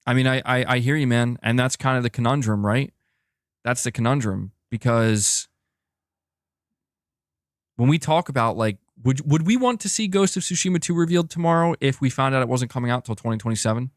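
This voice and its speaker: A man's voice: mid-range voice, lively intonation, fairly quick, no room sound, clean studio sound. A man streaming as a gaming YouTuber, reading chat and chatting loosely, swearing and calling people dude and bro. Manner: casual, swears, says dude and bro a lot.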